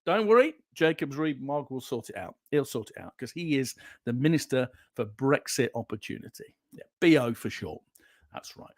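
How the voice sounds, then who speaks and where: A man hosts a casual livestream and chats in a jokey way as he reads out viewer comments. His voice sits high and moves around a lot. The sound is dry and close. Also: sing-song, moderate pace, dry recording. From Yorkshire, England. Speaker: livestream show host.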